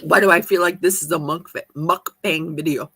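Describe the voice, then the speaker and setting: A woman's voice: deep voice, fairly even intonation, normal speed, pushed and bright, slightly rough. A woman chatting casually on a live stream, eating as she talks and reading viewer comments aloud in her kitchen. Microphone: streaming mic.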